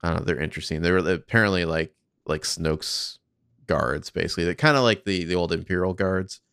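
A man with a very low, gravelly voice talks through film footage in a loose, casual way. He swears freely and fills his thoughts with "like" and "uh". The recording is dry and close. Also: a little fast, fairly bright tone, no echo. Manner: casual, swearing, thinking aloud with fillers. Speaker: podcast co-host.

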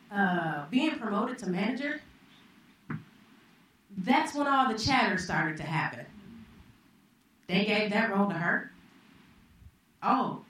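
A woman's voice: fairly high pitch, fairly bright tone. Woman telling a story from a distant stage. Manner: conversational, reflective, with pauses and restarts. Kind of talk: live story slam telling. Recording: echoey hall, distant mic, faint noise.

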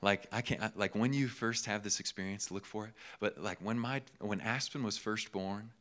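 A young man in his twenties preaching a sermon to college students, animated, laughing often and repeating words for emphasis. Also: on the low side, normal speed. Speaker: pastor.

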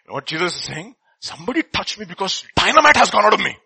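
A man delivering a sermon with a high, lively and husky voice. He reads scripture and swings between loud bursts and quiet asides, with a bright edge throughout. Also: fast, rough recording. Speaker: preacher.

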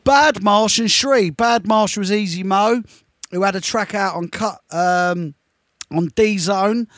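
A man in his fifties hosting a radio show, chatting through shout-outs and stories in a slangy, storytelling way. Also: sits high, slow, dry recording, clean studio sound. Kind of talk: live radio show chat. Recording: faint music behind.

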